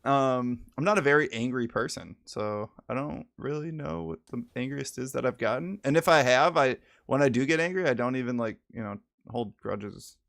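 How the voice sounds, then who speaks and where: A man's voice: mid-range voice, lively intonation, vocal fry, a bit bright, dry recording, studio quality. A young man co-hosting a gaming podcast, cracking crude jokes and stumbling through his sentences. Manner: crude, joking, halting with fillers. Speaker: podcast co-host. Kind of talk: casual podcast banter.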